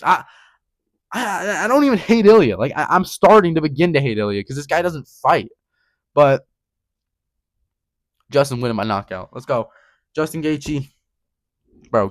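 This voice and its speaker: A man's voice: on the high side, dry recording. A young man hosting his own channel, ranting heatedly in casual talk, swearing and repeating "bro". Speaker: channel host. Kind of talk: casual fight-prediction rant.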